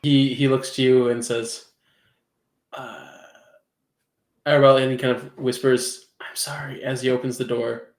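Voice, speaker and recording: A man narrating as the game master in a relaxed, hesitant way. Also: medium pitch, a little slow, pauses often. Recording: roomy echo.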